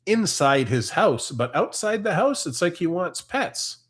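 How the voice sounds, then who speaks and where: A man's voice: on the high side, very animated, a little slow. A man in his fifties from Canada, hosting a casual farm livestream, chatting and reading viewer comments aloud.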